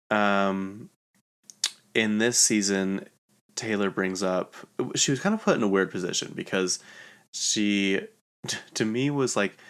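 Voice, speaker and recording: A man's voice: low-pitched, fairly bright tone. A man hosting a podcast, chatting in a rambling, casual gossip style full of "like" fillers. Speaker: podcast host. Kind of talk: casual gossip recap of a reality show.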